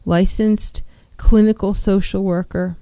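Middle-aged woman counselor hosting a talk show; earnest advice, mellow tone, dry close sound. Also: mid-range voice, fairly even intonation, measured pace, dry recording. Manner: earnest, advising, acts out clients' voices.

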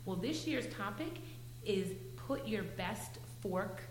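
A woman's voice: mid-range voice, expressive, slow, a little hiss or hum. Woman counselor explaining in a roomy space. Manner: explanatory, reassuring, asks checking questions. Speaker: nutrition counselor. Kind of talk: casual counseling chat.

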